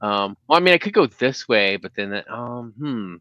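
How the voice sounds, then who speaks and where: A man at a board game playtest thinks his moves through aloud, hesitant and full of ums. His voice is bright and swings widely in pitch. The recording sounds dull and lo-fi. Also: animated, normal speed, no room sound. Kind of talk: casual chat during a board game playtest.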